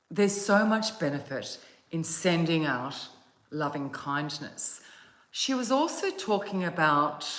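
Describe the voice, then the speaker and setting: Female meditation host, casual home vlog, slow, gentle and meandering, roomy phone sound. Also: low voice. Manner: soft, gentle and meandering, with yawns. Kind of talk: casual chat to viewers. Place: at home, outdoors on a calm day.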